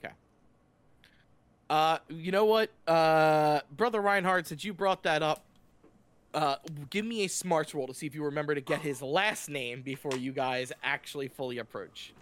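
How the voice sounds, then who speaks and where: A man's voice: a little high, normal speed, fairly bright tone. A man narrating a tabletop game as game master, chatty and self-mocking.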